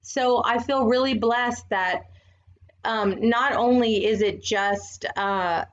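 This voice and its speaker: A woman's voice: on the high side, slow pace, muffled recording. An older woman co-hosting a podcast, speaking earnestly and with feeling in casual chat. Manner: earnest, emotional. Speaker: podcast co-host.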